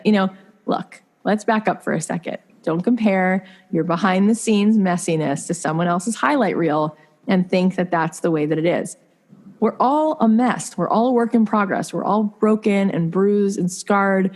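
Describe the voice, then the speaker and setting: A woman in her thirties speaks as a podcast guest, earnest and confiding. She talks in a loose, chatty way, full of likes and restarts, at a middle pitch. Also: moderate pace, a little mellow. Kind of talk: candid conversational storytelling.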